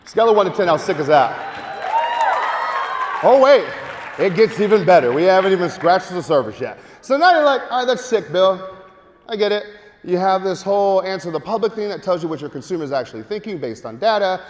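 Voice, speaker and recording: High-voiced energetic man on a big stage. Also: a little fast, slight background noise. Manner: animated, joking, urging the crowd. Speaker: speaker at a marketing event. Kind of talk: energetic live seminar talk. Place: large hall with audience. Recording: long hall reverb.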